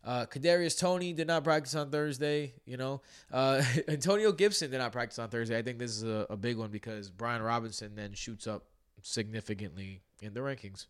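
A man's voice: mid-range voice, a little fast, few pauses, clear, resonant tone. Brief: male podcast host, mid-range voice, jokey news rundown. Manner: joking, playful injury-news delivery. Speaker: fantasy football podcast host.

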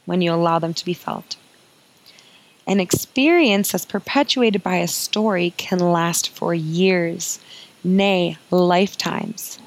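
A woman's voice: fairly low pitch, a little slow, rough recording. A woman hosting a podcast as an emotional healing coach, talking in an earnest, confiding way and repeating phrases for emphasis.

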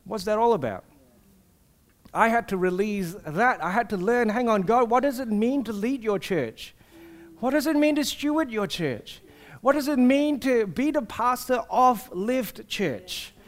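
A man's voice: very high-pitched, lively intonation, a little slow. A male pastor preaching an earnest, personal sermon, asking the congregation rhetorical questions.

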